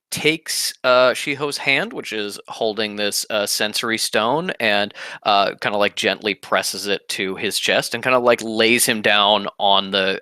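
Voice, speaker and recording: Young male game master, hesitant narration, bright, close dry sound. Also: mid-range voice, clean tone, no echo. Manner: hesitant, many fillers.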